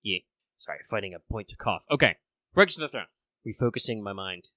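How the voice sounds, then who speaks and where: Guy hosting a chill podcast, kinda sick, lots of uh and like, bright voice, dry room. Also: fairly low pitch, lively intonation, brisk, dry recording. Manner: rambling, lots of fillers. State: a bit under the weather. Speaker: podcast host. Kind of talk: casual chat.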